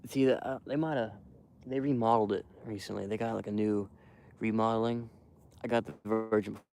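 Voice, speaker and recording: A young man quietly rambling to his live stream while hunting outdoors in the cold wind, full of fillers and restarts. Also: on the low side, fairly even intonation, moderate pace. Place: outdoors in a windy field edge.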